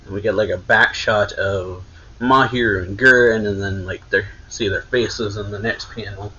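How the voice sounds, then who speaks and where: A man's voice: fairly low pitch, steady tone, normal speed, pushed and bright, a little hiss or hum. A man casually recapping a manga chapter, rambling with many fillers, on dull lo-fi audio. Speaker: manga reviewer.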